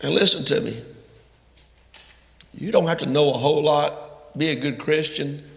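Male preacher, gravelly and a touch high, fervent sermon delivery, long church reverb. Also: moderate pace. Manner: fervent, rising to loud emphatic peaks. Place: church sanctuary. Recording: echoey hall from far off.

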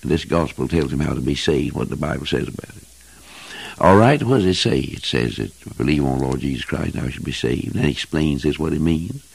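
An older man preaching a fervent old-time sermon, emphatic and husky, with King James phrasing. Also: extremely low pitch, a little fast, no room sound. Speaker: evangelist preacher.

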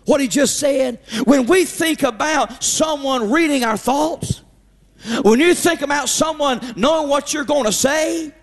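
A man preaching a fervent revival sermon in a very high, gravelly voice. He hammers his points with repetition, rising to shouts and dropping to hushed pleas. His voice rings with a long reverb through a large auditorium. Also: measured pace. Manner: impassioned, repetitive, swings between shouting and hushed pleading. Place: church auditorium.

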